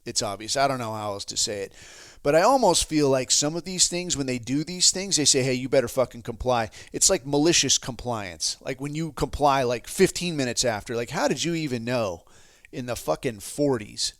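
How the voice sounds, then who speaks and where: A man's voice: medium pitch, lively intonation, moderate pace, a bit bright, dry recording, studio quality. Profane ranting male podcast host. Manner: heated, swearing constantly, sarcastic asides. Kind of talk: profane political rant.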